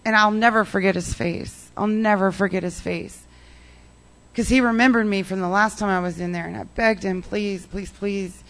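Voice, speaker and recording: Woman, mid-pitched voice, giving a rambling personal recovery testimony full of fillers. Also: steady tone, moderate pace, fairly bright tone. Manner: rambling, heavy use of "like" and "um". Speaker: person sharing her recovery story.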